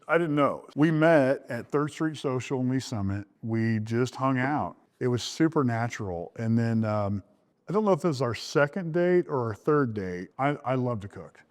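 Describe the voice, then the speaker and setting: A middle-aged man, the groom, tells the story of how he met his wife. He talks candidly and jumps up in pitch when he acts out old conversations. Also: normal speed. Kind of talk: recorded interview about his relationship.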